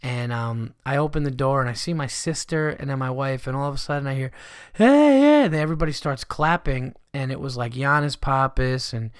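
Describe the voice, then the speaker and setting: Profane New comic talking on a dry mic. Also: male voice, mid-range voice, a bit bright, clean tone, dry recording. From New York. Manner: profane, blunt storyteller who rants and riffs. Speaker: stand-up comedian and podcast host. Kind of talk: casual solo podcast monologue.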